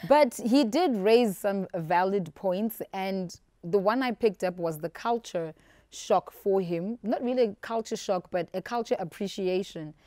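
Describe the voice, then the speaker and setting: A woman's voice: mid-range voice, a little slow, warm tone, no echo. A woman hosting a TV talk show, chatty and playful, laughing easily with her co-hosts.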